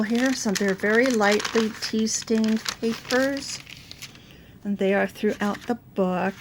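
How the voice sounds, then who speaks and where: A middle-aged woman with a raspy voice from a sore throat, chatting casually through her craft project with many fillers. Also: medium pitch, a little hiss or hum. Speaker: crafting channel host. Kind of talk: casual show-and-tell craft video.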